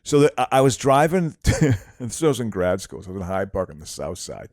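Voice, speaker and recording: Fast, lively-voiced man chatting. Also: on the low side, no room sound, clean studio sound. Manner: rambling, stumbles over repeated words. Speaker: podcast co-host. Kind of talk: casual chat.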